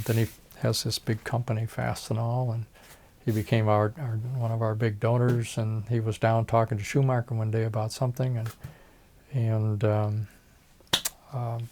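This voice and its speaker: A man's voice: lowish voice, darkish tone, a little hiss or hum. An older man, a retired surgeon, telling stories in an oral history interview and acting out the voices of the people he quotes. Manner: storytelling, reenacts dialogue, chuckles. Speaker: retired facial plastic surgeon.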